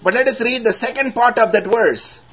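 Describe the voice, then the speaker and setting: High-voiced storytelling preacher man. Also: bright, forceful tone, slightly rough. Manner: storytelling with humorous asides and slowed dramatic emphasis. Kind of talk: sermon. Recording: dull lo-fi recording.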